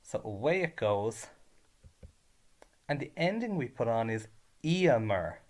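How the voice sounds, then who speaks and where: Slow, deliberate man teaching. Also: mid-range voice, big pitch swings. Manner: switches between Irish and English, stressing each ending. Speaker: Irish language teacher. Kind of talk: slow, clear grammar lesson.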